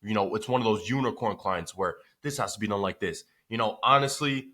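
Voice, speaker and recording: A man on a casual vlog retells a story from running his business, in an animated, loose way with plenty of swearing and filler words. His voice is fairly low but bright and forceful. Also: brisk. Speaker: business owner telling a story.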